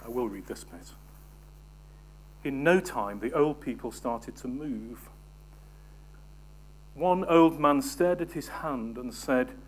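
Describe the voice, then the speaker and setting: A man preaching a sermon, moving from emphatic scripture reading to soft, almost whispered asides and questions to the congregation. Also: mid-range voice, animated, slow, long pauses, slight background noise.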